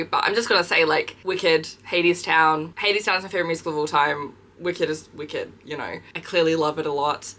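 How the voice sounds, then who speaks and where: A woman's voice: fairly low pitch, bright, forceful tone. A young Australian woman chatting casually in a question-and-answer vlog, bubbly and full of fillers as she tells stories. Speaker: vlogger and party princess performer.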